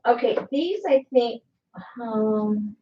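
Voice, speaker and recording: A woman's voice: on the high side, takes it slowly, dark tone, lo-fi sound. A woman hosting a casual crafting video, rambling and talking to herself as she hunts through her supplies, standing indoors in her craft room. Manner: rambling, talks to herself while searching. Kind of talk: casual chat while crafting.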